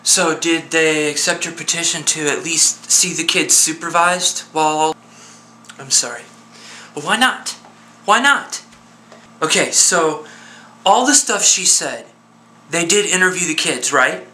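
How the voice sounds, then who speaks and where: Worried male friend on the phone, played by a man: earnest, coaxing, insistent, with a bright, forceful voice. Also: a little high, unhurried, pauses often. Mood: concerned. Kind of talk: one-sided phone call drama.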